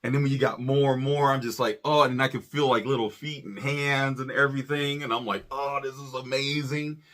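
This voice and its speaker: A man co-hosting a casual chat, telling a story in an animated, profane way and acting out quotes. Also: medium pitch, a little fast. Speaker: podcast co-host.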